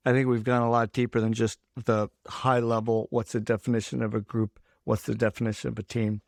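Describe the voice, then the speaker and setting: A man hosting a podcast chat, talking energetically and often restarting his sentences. His voice has a gravelly fry to it. The sound is dry and close, with no room echo. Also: medium pitch, little pitch movement, brisk, darkish tone. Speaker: podcast host. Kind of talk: casual podcast conversation.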